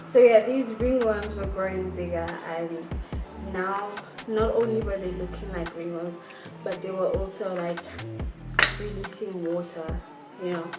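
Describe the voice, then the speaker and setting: A woman's voice: medium pitch, fairly even intonation, measured pace. A young adult woman, telling a personal story in a candid, emotional vlog, with lots of 'like' and 'you know'. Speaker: vlogger. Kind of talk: storytime vlog, casual chat. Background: background music.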